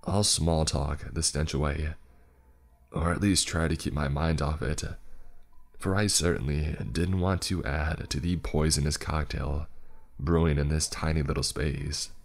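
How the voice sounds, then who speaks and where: A man narrating a horror story in a measured, dryly sarcastic way. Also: a bass voice.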